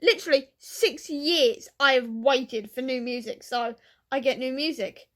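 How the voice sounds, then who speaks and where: A woman book vlogger chatting casually, gushing and tearful with excitement, full of fillers. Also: high voice, measured pace. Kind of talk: casual vlog chat.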